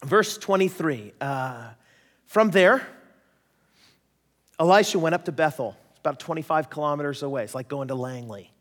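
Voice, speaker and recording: A man preaching a sermon, telling stories in a lively, joking way and acting out voices. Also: on the high side, moderate pace, pauses often. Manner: animated, jokey, acts out voices in stories. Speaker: pastor. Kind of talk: sermon with storytelling. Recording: long hall reverb.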